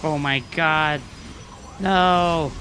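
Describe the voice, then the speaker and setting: Bright-voiced, excitable young male streamer. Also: a little high, drawn-out words, slight background noise. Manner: excitable, profane, talks to chat. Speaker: streamer and coach. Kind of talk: live gameplay commentary.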